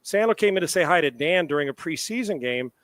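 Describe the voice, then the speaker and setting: On a live sports talk show, a middle-aged man with a fairly high voice tells a lively, fast-paced anecdote, voicing both sides of the exchange and cursing freely. The recording is dry and close, without any room echo.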